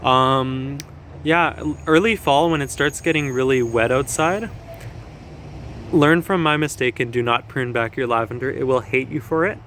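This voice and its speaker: A young man gives a relaxed walking tour of his backyard garden, chatting and catching himself mid-sentence. He sounds a little out of breath from moving around. Faint outdoor noise and the odd passing plane sit behind his voice. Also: medium pitch. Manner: chatty, self-correcting, quick little laughs. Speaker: gardener vlogger. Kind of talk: casual garden tour walkthrough.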